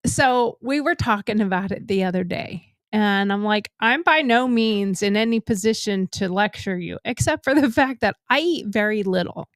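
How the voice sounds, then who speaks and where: A woman's voice: mid-range voice, lively intonation, normal speed, hardly any pauses, no echo, clean studio sound. A middle-aged woman co-hosting a podcast, chatting casually and laughing often while she tells stories. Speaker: podcast co-host. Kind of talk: casual chat.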